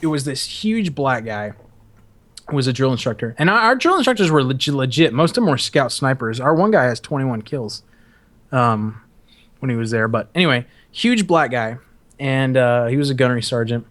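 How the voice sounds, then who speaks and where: A young man hosts a podcast and tells a story in a loose, rambling way. He swears freely and laughs often. His voice sits at a medium pitch. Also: expressive, moderate pace, fairly bright tone. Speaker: podcast host. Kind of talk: casual storytelling.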